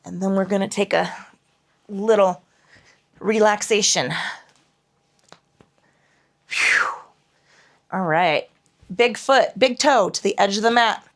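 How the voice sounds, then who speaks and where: A woman's voice: medium pitch, slow pace, pauses often, a bit bright. Profane, frank woman yoga teacher. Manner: profane, frank and playful while cueing breath. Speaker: yoga instructor. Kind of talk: guided yoga class instruction.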